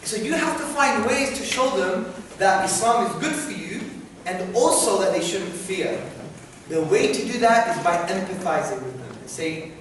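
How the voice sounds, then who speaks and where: A man answering student questions in a university lecture hall, animated and often checking in with "yeah?". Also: high-pitched, normal speed. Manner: animated, repeats "yeah?" to the audience. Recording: very echoey hall, noisy, from far off.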